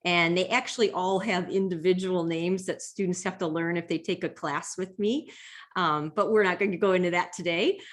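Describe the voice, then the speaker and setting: A woman's voice: fairly low pitch, steady tone, moderate pace. A woman lecturing on brain anatomy over slides, explaining step by step in a patient way with frequent ums. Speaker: neuroscience lecturer. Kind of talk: slide-based health lecture.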